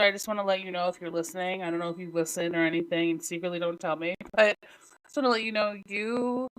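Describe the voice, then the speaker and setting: Woman podcast host, solo talk, halting, restarts, near tears. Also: fairly low pitch, fairly bright tone, rough recording. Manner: emotional, halting, many restarts. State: close to tears.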